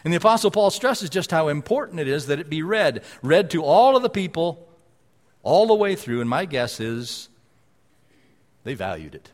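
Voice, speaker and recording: A male preacher giving a sermon and reading scripture aloud, repeating key phrases with emphasis and dropping to a hush at times. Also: fairly high pitch, big pitch swings, moderate pace. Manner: repetitive emphatic phrasing, swings between loud and hushed. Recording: long hall reverb.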